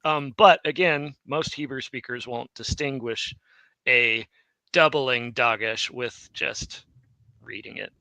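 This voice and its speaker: A man's voice: medium pitch, takes it slowly, sharp tone, no room sound, poor audio. A tired man hosting a live online Hebrew lesson and explaining grammar in a rambling way that corrects itself as he goes. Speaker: Hebrew teacher and stream host. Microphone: streaming mic.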